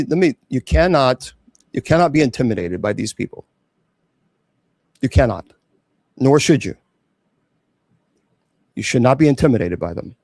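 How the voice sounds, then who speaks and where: A man's voice: medium pitch, a little mellow, dry recording, studio quality. A man who is a clergyman hosting his own show, talking casually and defiantly to viewers about online trolls. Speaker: host and clergyman. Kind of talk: casual livestream talk.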